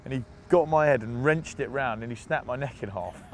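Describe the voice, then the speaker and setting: An English rugby player, appearing as an interview guest, chats casually and tells stories full of laughs and mimicked voices. His medium-pitched voice moves at normal speed with hardly any pauses.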